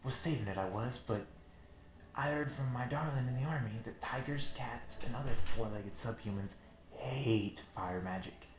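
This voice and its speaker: A man's voice: medium pitch, lightly acted. A man doing a sly gossiping soldier with a put-on twang. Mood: gossipy. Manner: conspiratorial, drawn-out teasing. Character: gossiping male soldier, sly, rumor-monger. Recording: roomy with game music.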